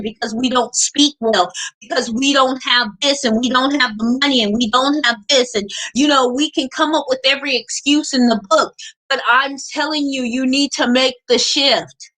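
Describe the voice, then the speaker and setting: A woman's voice: sits high, pushed and bright. A woman coach giving a live motivational talk in an emphatic, preachy, repetitive way.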